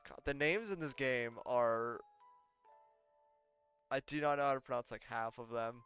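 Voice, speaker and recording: A man's voice: mid-range voice, steady tone, moderate pace, fairly bright tone, soft background music. A man casually commenting on an old game during a live stream, wry and laughing at the dialogue.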